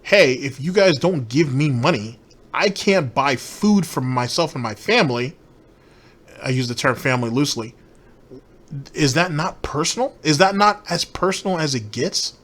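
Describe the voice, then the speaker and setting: Brief: male commentary host, rambling sarcastic rant, swears freely, voice a touch high. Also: expressive, normal speed, fairly bright tone. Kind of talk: ranting commentary.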